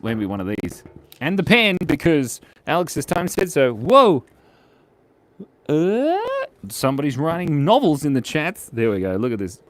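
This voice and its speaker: Guy hosting a live drawing stream, excitable and playful, bouncy pitch. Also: measured pace. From Australia. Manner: excitable, playful, chatty with viewers. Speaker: livestream drawing host.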